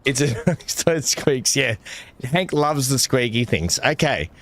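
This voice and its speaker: A man's voice: mid-range voice, lively intonation, measured pace, a bit bright. A man chatting casually while unboxing gifts, muttering asides and talking to his dog. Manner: muttering asides, frequent throat clearing. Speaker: gaming video creator.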